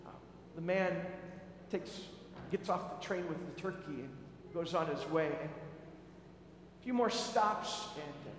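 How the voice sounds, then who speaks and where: A male preacher with a high voice tells a story to his congregation, conversational and full of restarts. His words ring through a large hall with heavy echo and long reverb. Faint noise sits under it all. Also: slow, long pauses. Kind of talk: sermon.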